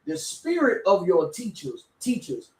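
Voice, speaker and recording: A very high-pitched man speaks emphatically, in a preachy way. His voice sometimes rises to a shout. He is recorded from a distance in a roomy, echoing space. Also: huge pitch swings, a little slow. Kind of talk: casual storytelling chat. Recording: echoey room, far from mic.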